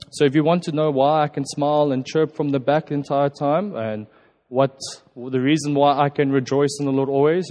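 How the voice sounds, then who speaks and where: A man's voice: medium pitch, a little mellow. A man giving an informal, earnest sermon and prayer at a church service, often restarting his phrases. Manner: earnest, halting with repeated restarts. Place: church hall. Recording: long hall reverb.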